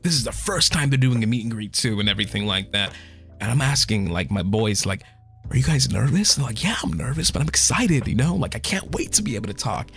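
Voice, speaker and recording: Holding back tears, a man streams a casual talk with viewers as a VTuber, cursing a lot and breaking off mid-thought only to restart. He has a mid-range, slightly bright, somewhat rough voice.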